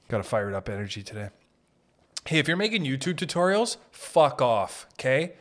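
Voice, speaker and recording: A man's voice: medium pitch, big pitch swings, moderate pace. A man with a Boston accent hosting a podcast, delivering a crude, swearing, unscripted comedic rant. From Boston area. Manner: crude, ranting, lots of swearing and laughing asides. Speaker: podcast host. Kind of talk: unscripted profane comedic monologue.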